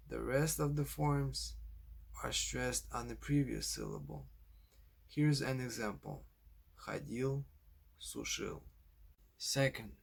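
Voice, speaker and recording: A man narrating a scripted language lesson, speaking slowly and deliberately, carefully spelling out example words. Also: mid-range voice, slightly rough. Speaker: language teacher.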